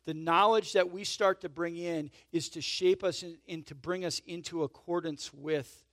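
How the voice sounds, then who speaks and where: A man's voice: a little high, steady tone, moderate pace, no echo. Male pastor, tenor-leaning, conversational sermon delivery with frequent audience check-ins; dry, close recording. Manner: emphatic swells in volume, then drops to soft intimate asides.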